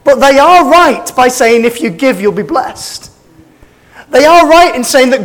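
High-pitched preacher man. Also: expressive, a little slow, a bit bright. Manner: impassioned, building to fervent emphasis. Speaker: pastor. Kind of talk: sermon. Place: church.

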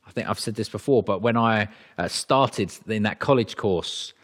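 Male preacher, lowish voice, casual sermon delivery that trips over its own starts. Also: moderate pace. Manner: conversational, with frequent restarts.

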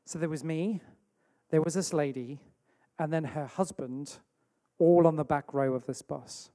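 An English pastor preaches a sermon in a church hall, telling a story peppered with acted-out asides. His voice runs high and mellow at a measured pace, and the recording carries a long hall reverb.

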